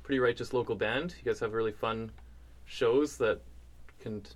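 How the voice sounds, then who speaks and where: A man's voice: mid-range voice, moderate pace. Casual male radio host, filler-heavy. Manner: relaxed, hesitant with many fillers.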